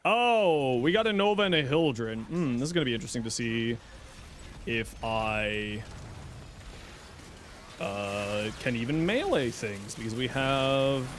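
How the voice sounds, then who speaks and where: Here a man of medium pitch streams a game, sounding animated and unhurried with a slightly bright tone and a bit of background noise. He reads questions from viewers aloud and answers them loosely, in a relaxed, chatty, jokey manner.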